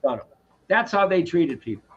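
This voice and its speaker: Opinionated man with a high voice. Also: sing-song, moderate pace, husky, highs cut off. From Boston. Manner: rambling, opinionated, repeats words. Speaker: host. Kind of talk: casual live-stream talk.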